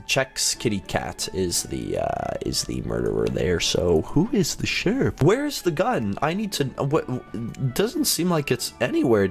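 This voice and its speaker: A young man giving excitable live commentary on an online game, talking to the players on screen as he plays. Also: medium pitch. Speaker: gaming YouTuber.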